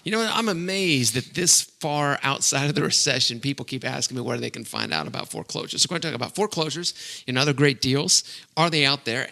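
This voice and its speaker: Upbeat, bright-voiced male podcast host. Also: medium pitch, creaky. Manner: upbeat, laughs often, rambling with fillers. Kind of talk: casual podcast chat.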